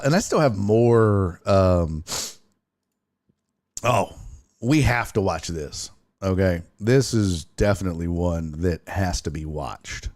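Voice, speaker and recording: A man's voice: deep voice, darkish tone. A man hosting a sports talk stream, swearing and laughing as he reacts to game clips. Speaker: sports show host.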